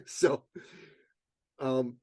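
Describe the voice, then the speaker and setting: A man's voice: medium pitch, extremely slow, no echo. A man being interviewed as a motivational coach, telling stories casually and acting out what people said. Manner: animated storyteller, acts out quotes.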